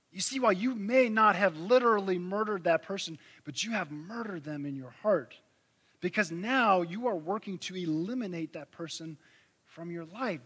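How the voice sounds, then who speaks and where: A man's voice: high voice, fairly bright tone. A man preaching a sermon in a conversational way, walking listeners through vivid illustrations and rhetorical questions. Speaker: pastor.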